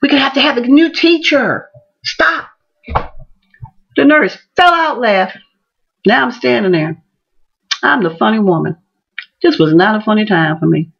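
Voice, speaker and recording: Animated woman telling a story. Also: mid-range voice, dull audio. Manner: animated, acts out voices in her stories. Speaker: teacher and vlogger. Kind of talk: casual storytelling vlog.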